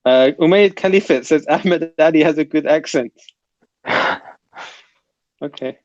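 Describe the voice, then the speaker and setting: A man's voice: a little high, measured pace, no echo, highs cut off. A man hosting a casual livestream panel, reading chat comments aloud and bantering with the panel.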